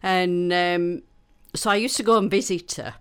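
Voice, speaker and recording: A woman's voice: on the low side, fairly even intonation, moderate pace, smooth. A woman, a stage actress chatting in an interview, rambling and laughing often. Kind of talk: casual interview chat.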